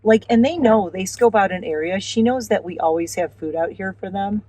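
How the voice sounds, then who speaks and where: A woman vlogging casually while filming birds from her car and yard, chatty and excitable, sometimes out of breath. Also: moderate pace, no room sound, poor audio. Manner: excited and chatty, breaks into high squeals when calling her turkey. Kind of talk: casual vlog narration. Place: in a car and outdoors in a windy yard.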